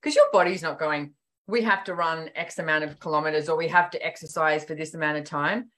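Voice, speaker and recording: A deep-voiced woman, speaking a little fast, is the author and guest in an easygoing podcast chat. Lively storytelling, acted-out quotes, and plenty of "like" and "you know" mark how she talks.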